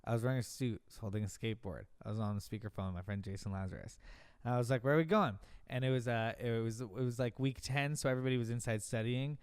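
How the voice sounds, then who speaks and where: Animated thirty-something man telling stories. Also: mid-range voice, fast, clean tone, dry recording, studio quality. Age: 30s. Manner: animated storyteller, acts out shouted quotes. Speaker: podcast co-host. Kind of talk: casual chat, storytelling.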